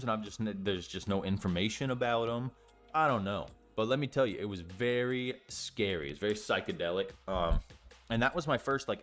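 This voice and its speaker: A young man telling a story in a casual vlog, rambling with lots of fillers and swearing freely. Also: lowish voice. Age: young adult. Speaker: storytime vlogger.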